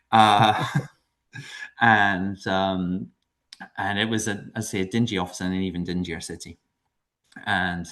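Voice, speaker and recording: A man's voice: on the low side, a bit bright. A middle-aged Scottish man, a podcast guest, telling anecdotes in a chatty way and chuckling often. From Scotland. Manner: chuckles through anecdotes, frequent ums and restarts. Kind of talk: conversational storytelling.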